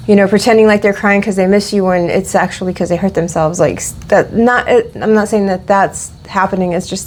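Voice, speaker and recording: A woman's voice: mid-range voice, a little mellow, slight background noise. A woman giving a casual tarot reading, rambling with many fillers and restarts. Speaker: tarot reader.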